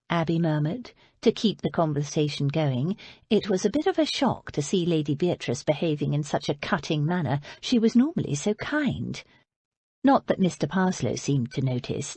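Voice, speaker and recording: Audiobook narrator, woman: low, husky, lively expressive reading, dry close mic. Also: moderate pace, no room sound. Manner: expressive storytelling. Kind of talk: scripted narration.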